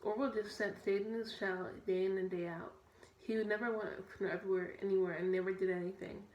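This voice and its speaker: A woman's voice: mid-range voice, steady tone, fast talker, a little mellow, highs cut off. A young woman reading a children's story aloud, often stumbling and correcting herself. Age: young adult. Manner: stumbling, self-correcting read. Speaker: student reader. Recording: echoey room, faint noise.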